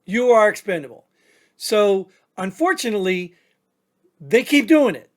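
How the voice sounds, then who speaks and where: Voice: mid-range voice, very animated, a little slow. A veteran podcast co-host on an angry tear, blunt and insulting toward listeners. The voice keeps hammering points with rhetorical questions and repetition, in an opinionated political rant.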